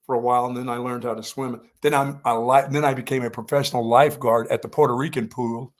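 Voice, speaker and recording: A man's voice: medium pitch, fairly even intonation, fast talker. An older man from North Carolina co-hosting a sports show, telling a long story in casual chat and raising his voice for the quoted lines.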